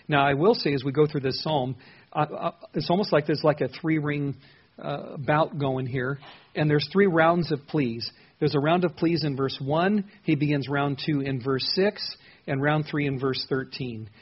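A man's voice: fairly high pitch, husky. A man preaching an expository sermon in a conversational, earnest way, asking his listeners questions as he teaches. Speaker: pastor. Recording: dull lo-fi sound.

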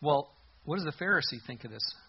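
A man preaching a sermon as a pastor, expressive and full of rhetorical questions, on a muffled lo-fi recording. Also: fairly high pitch, a little fast, gravelly, slightly rough.

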